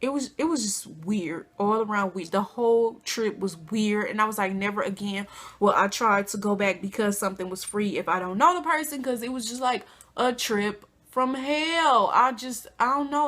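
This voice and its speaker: Bright-voiced young woman telling a story. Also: normal speed. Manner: animated, acts out quotes with big pitch jumps; informal slangy speech. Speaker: vlogger. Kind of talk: casual storytime.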